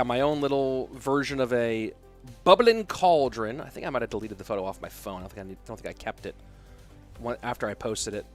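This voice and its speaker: A man in his thirties casting esports, chatting casually and thinking aloud as he answers viewer questions. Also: medium pitch. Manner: loose and conversational, thinking aloud. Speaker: esports caster. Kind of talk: casual stream chat reading viewer questions.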